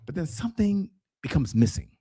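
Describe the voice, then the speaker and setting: Animated middle-aged man telling stories. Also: on the high side, fairly quick, breathy edge. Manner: animated, preacher-like, addresses viewers directly. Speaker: guest, sales strategist. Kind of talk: energetic interview storytelling.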